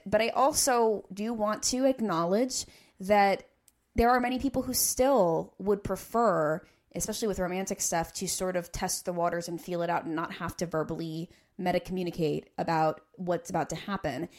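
A woman hosting a podcast, talking in an earnest, explanatory way and building careful arguments. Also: fairly low pitch. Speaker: podcast host. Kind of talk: casual podcast discussion.

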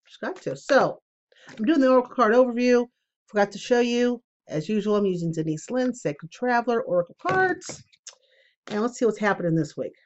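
Recorded with lo-fi sound, a woman with a mid-range voice casually vlogs from home, rambling and self-deprecating as she shares stories before doing an oracle card reading indoors.

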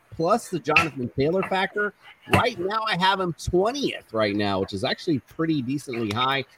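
A man hosting a casual fantasy football podcast, talking in a loose, rambling and upbeat way. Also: a little high. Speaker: host. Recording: distant mic with faint noise.

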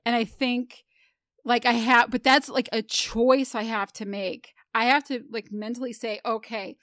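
A woman podcast host talking casually, chatty and self-deprecating, with animated delivery. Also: fairly high pitch, measured pace, no room sound, clean studio sound.

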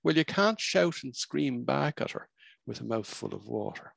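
A man's voice: medium pitch, lively intonation, normal speed, gravelly, no room sound. A man voicing a matter-of-fact doctor in a joke he tells. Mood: dry.

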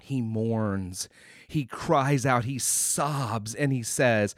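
A man's voice: fairly high pitch, lively intonation, takes it slowly, no echo, clean studio sound. A man hosting a podcast, giving an earnest, casual Bible teaching with frequent restarts and emphatic swells. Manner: earnest, many restarts and fillers, rising to emphatic. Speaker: podcast host.

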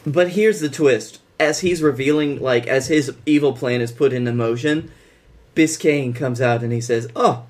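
A man's voice: medium pitch, normal speed, darkish tone. A man co-hosting a podcast, recapping movie scenes sardonically and mimicking the characters' lines. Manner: sardonic, retells scenes with mock quotes. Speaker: podcast co-host. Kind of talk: casual movie review chat.

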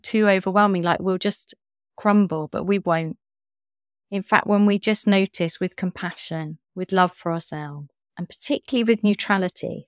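Woman, life coach, soft reassuring delivery, close dry sound. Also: mid-range voice, no room sound. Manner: gentle, soothing, reassuring. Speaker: coach, podcast guest. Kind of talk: interview talk.

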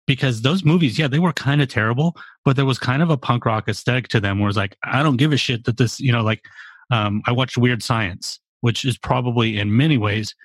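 A man's voice: medium pitch, fairly quick, dry recording. A man in his forties in a casual podcast chat, rambling and profane with lots of fillers. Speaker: podcast co-host.

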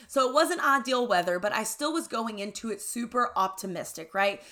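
A young adult woman hosts a podcast, telling a candid story in casual talk, swearing freely and often asking "right?". Her voice is a little high and bright, with a forceful tone and a moderate pace.

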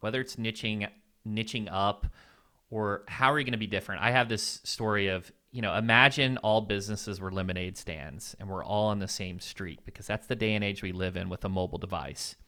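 A man with a somewhat low, nasal voice talks as a podcast guest. He is upbeat and candid, and he rattles off ideas in quick conversational bursts. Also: fairly bright tone. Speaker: podcast guest, agency owner. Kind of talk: casual interview answers.

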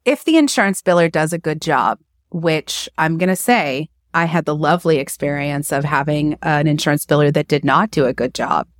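A woman's voice: low voice, normal speed, no echo, studio quality. A woman guest on a podcast, talking candidly about running a clinic, blunt and emphatic, with self-mocking laughs. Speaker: podcast guest, acupuncture practice owner. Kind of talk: candid interview talk.

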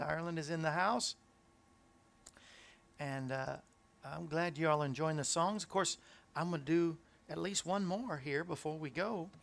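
A man's voice: on the high side, vocal fry, fairly bright tone. A man hosting a Christian live show, chatting casually and greeting viewers by name, rambling with fillers and self-corrections. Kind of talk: casual live-stream chat.

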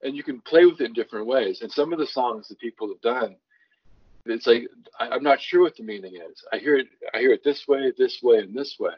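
A mid-range, husky male voice, fairly quick, comes through dull audio. He's a songwriter guest who thoughtfully explains, in conversation, how he turns scripture into songs, restarting often and reading verses aloud with varied emphasis.

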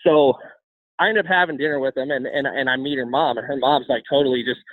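A man tells his life story at a quick clip, stumbling over and repeating his words as he goes. His voice comes through thin and phone-like, with a dry, close sound. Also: mid-range voice, steady tone, no echo. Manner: rapid, with frequent restarts and repeated words. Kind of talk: candid personal storytelling.

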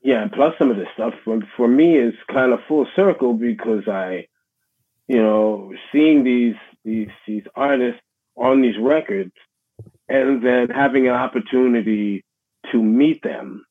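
A man's voice: mid-range voice, slightly rough. Middle-aged New York man, tinny phone line. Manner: halting, many restarts, reflective. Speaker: guest musician. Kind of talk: casual interview conversation.

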